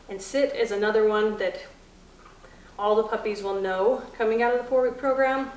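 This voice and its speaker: A woman dog trainer explaining puppy commands in a calm teaching manner, softly praising the puppy between steps. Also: on the high side, brisk. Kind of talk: instructional demonstration. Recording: echoey room, faint noise.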